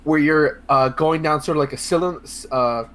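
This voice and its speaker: A man co-hosting a casual video game podcast, talking in a rambling, excitable way with lots of fillers, restarts and swearing. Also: fairly high pitch, normal speed. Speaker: podcast co-host. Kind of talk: casual podcast chat about video games.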